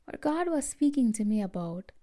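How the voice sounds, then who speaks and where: A woman's voice: on the high side, big pitch swings, moderate pace, warm tone. A woman hosting a devotional podcast, speaking in an earnest, personal and reflective way. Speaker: podcast host giving a devotional.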